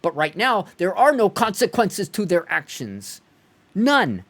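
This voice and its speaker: A man's voice: sits high, wildly swooping pitch, unhurried, a bit bright. A man ranting heatedly and profanely during a game live stream, sometimes mocking others in put-on voices. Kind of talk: live-stream rant while gaming.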